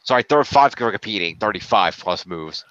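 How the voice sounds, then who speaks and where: A podcast co-host casually recaps the week in wrestling and tallies up scores, narrating what happened and belting out quotes in a raised voice. His voice is on the low side, expressive and a bit bright, at normal speed, in a dry, dull-sounding recording.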